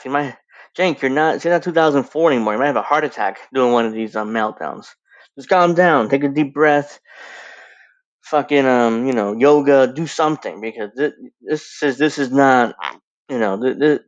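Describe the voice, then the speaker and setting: A man's voice: medium pitch, dry recording, dull audio. A man giving casual, rambling reaction commentary on a clip, with frequent restarts. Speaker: video commentator.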